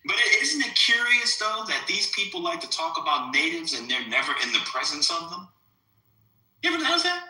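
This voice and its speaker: A man arguing in a crude, casual live-stream debate, provocative and animated. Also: high-pitched, brisk, roomy sound, rough recording. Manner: animated, provocative, swings loud to soft.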